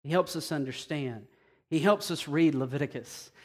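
High-pitched male preacher, casual and punchy sermon delivery. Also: normal speed. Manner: emphatic, conversational, swings between quiet and loud.

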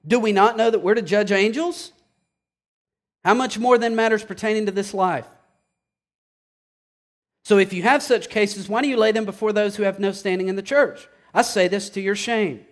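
Man preaching, high voice, fiery, drops to a hush then builds back up. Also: normal speed, pauses often. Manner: impassioned, swings from hushed to loud. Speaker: pastor. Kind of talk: sermon.

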